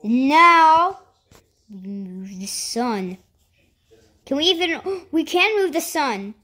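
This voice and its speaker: A woman giving casual commentary over a space game, thinking aloud with lots of fillers and sudden excited outbursts. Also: sits high, slow. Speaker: gameplay commentator.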